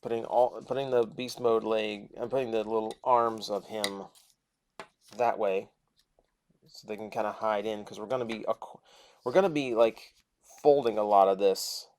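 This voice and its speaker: A man's voice: on the low side, fairly even intonation, normal speed, darkish tone, slight background noise. Chatty man reviewing a toy. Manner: chatty, thinking aloud while handling the toy. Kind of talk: casual toy review while transforming a figure.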